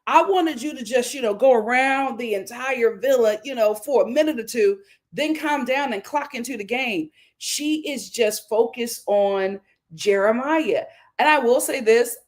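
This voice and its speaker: A woman hosting a live reality TV recap, animated and exclamatory, laughing often. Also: on the high side, measured pace. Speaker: reality show recap host.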